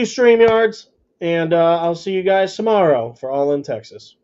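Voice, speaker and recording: A solo podcast host who rants and swears freely and keeps getting carried away. The voice sits at a middling pitch and sometimes trips over its own words. The recording sounds dull and lo-fi. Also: normal speed, clean tone. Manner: profane, ranty and excitable. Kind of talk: solo podcast rant and sports rundown.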